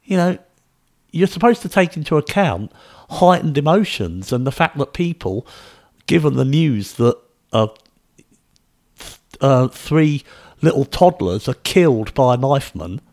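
A man's voice: mid-range voice, sing-song, measured pace, a little mellow. A man from the UK hosting a solo podcast, talking conversationally and pressing points with emphasis. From United Kingdom. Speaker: podcast host.

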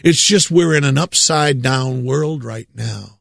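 A man from the United States preaching a monologue, leaning hard on drawn-out stresses and repeating words for effect. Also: mid-range voice, gravelly, a bit bright, no echo, clean studio sound.

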